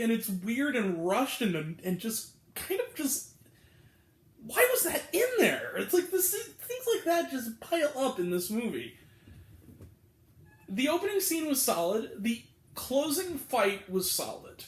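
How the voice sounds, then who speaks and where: A man's voice: very high voice, very animated, normal speed, echoey room. A man giving a casual, exasperated spoken film review, rambling with lots of fillers. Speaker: movie reviewer.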